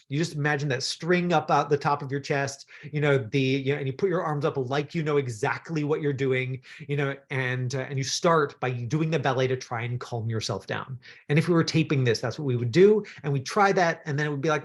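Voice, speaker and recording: A man's voice: fairly high pitch, fairly quick, few pauses. A man from Canada coaching actors through self-tapes in a chatty, encouraging way, with plenty of fillers. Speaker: acting coach. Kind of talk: acting workshop instruction.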